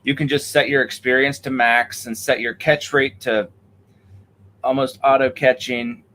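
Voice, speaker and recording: A man's voice: medium pitch, unhurried, poor audio. A man in casual podcast chat, talking animatedly and acting out little exchanges as he explains. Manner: animated, acts out quoted exchanges.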